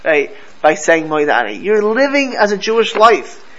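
A man's voice: high voice, big pitch swings, normal speed, a bit bright, highs cut off, a little hiss or hum. A man teaching a Torah class to a live group, telling stories animatedly and mixing Hebrew and Yiddish terms into his English.

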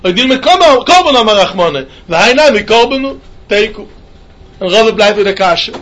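Guy teaching talmud, real high voice, singsong yeshiva lecture vibe. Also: fairly quick. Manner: animated singsong, mixing Yiddish and Hebrew terms.

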